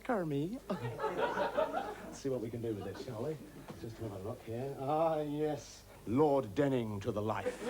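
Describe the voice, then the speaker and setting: A man's voice: medium pitch, natural voice. A man playing a manic cheeky impostor on stage. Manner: impish, quick-changing, clowning, playing to the audience. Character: manic mischievous male impostor, adult, restless and cheeky. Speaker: stage actor. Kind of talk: stage comedy acting.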